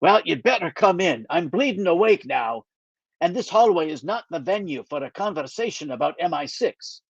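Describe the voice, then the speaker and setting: A man doing a gruff teasing Scotsman. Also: a little high, sing-song, normal speed, no room sound, exaggerated voice. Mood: grumpy. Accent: Scottish. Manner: dry, teasing, grumbling. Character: gruff Scottish émigré man, teasing, worldly. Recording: dull dry lo-fi recording.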